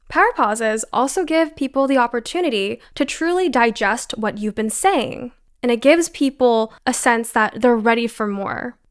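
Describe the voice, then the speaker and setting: A woman's voice: a little high, a bit bright. A young woman giving scripted advice on confidence, coaching viewers and demonstrating voice techniques as she goes. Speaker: self-improvement vlogger.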